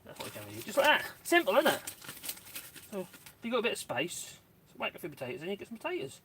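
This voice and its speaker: A man's voice: high-pitched, huge pitch swings, fast, bright, forceful tone, slight background noise. A man, live-streaming casual chat from his garden, rambling with asides to his dogs and viewers, recorded outdoors on a phone on a tripod. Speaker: channel host. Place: outdoor garden, kneeling in mud.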